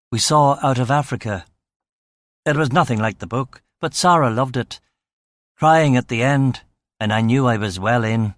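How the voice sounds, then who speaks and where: A man's voice: medium pitch, no room sound. A man narrating a crime novel in first person, with a dry, wry storytelling manner. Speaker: audiobook narrator.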